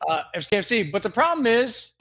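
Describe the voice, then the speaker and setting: A man co-hosts a spoof newscast in a high, bright voice. He rambles from one gag to the next and laughs at his own jokes as he goes. The delivery is loose, live banter. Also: sing-song, a little fast. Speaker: co-host of a comedy news segment.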